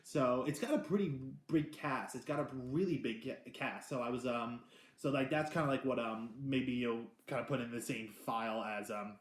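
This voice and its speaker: A man hosting a casual movie review, talking in an excitable, rambling way with many restarts and the odd swear word. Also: medium pitch, normal speed. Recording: roomy echo.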